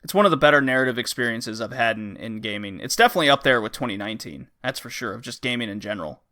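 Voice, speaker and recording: A man's voice: mid-range voice, rapid-fire, bright, forceful tone. A man hosting a casual game podcast, rambling with many fillers as he reviews recent releases. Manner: rambling, frequent uh and um, acts out game lines. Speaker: podcast host.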